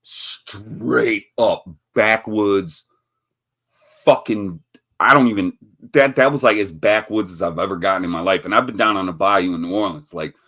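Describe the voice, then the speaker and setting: A man from the Chicago area, voice fairly low and fairly bright, talks at normal speed while hosting a casual livestream. He rambles through a crude story and keeps interrupting it with laughter.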